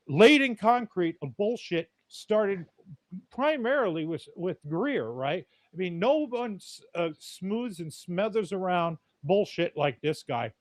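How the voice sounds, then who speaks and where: Male podcast host, cursing, blunt rambling rant, slightly high voice, dry close sound. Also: dry recording. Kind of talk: casual rant.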